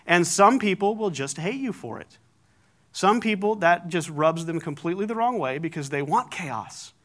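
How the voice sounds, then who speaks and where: A man's voice: sits high, expressive, moderate pace, fairly bright tone. An American man giving a conversational sermon, joking and correcting himself as he goes. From United States. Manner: conversational, self-correcting, lightly humorous. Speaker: pastor.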